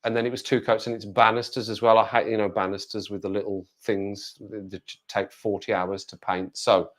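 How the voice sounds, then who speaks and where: A man's voice: lowish voice, little pitch movement, brisk. A man from the West Midlands with a Black Country accent, chatting casually on a live stream and rambling as he answers viewer comments. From West Midlands, England. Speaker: livestreamer.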